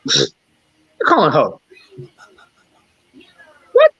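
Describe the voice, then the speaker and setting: A chatty trucker man on a live chat stream, laughing often as he answers comments. His voice is husky and pitched a little high, and it swings up and down a lot. The audio is dry and dull, like a lo-fi stream. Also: huge pitch swings, very slow, fairly bright tone, no room sound.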